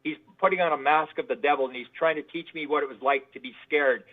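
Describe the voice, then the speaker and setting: A man's voice: fairly high pitch, steady tone, quick pace, lightly acted. A man voicing a terrified former preacher who believes he is facing the devil, telling it in a panicky rush. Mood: relieved. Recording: tinny phone line.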